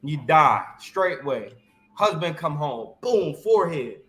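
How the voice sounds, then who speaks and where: A man hosting a casual Bible discussion, slangy and animated, constantly checking in with "right?". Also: a little high, slow, reverberant, faint music behind.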